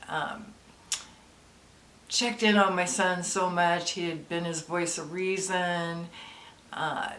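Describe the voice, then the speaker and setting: An older woman telling a personal story to camera in a soft, halting, emotional way, with many pauses and restarts. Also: fairly low pitch. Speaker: vlogger, mother of an addict. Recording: roomy echo, distant from the mic, faint ambient noise.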